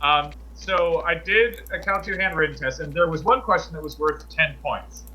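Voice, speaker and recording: A man tells stories from his college days in a loose, conversational way, getting indignant and acting out what people said. His voice is very bright and sits a little high. The delivery is chatty and lively. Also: normal speed, rough recording. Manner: animated, indignant retelling with acted quotes. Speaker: podcast host telling college stories. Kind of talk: casual storytelling chat.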